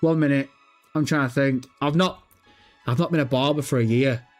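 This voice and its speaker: A man hosting a gaming livestream, chatting casually with viewers, sweary and jokey, mocking and animated. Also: mid-range voice, normal speed, faint music behind. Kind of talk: casual livestream chat reading viewer comments.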